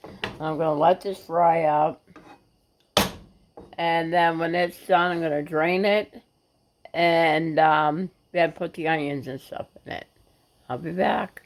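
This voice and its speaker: Over a loud sizzle of frying, this cooking vlogger walks through a home recipe in her kitchen, hiccuping as she goes. Her deep voice stays fairly even and slow with long pauses, her chatty, homespun talk is full of restarts, and the rough recording has slight background noise.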